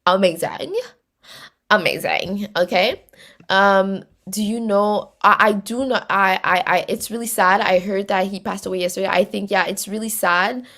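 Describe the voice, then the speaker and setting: A North American woman chats casually as she hosts a livestream and answers viewer comments. Her voice sits at a middle pitch, and her talk is loose and slangy, with plenty of fillers and false starts. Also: fairly even intonation, moderate pace, fairly bright tone. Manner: chatty and slangy, many fillers and restarts. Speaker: host of a reality show recap stream.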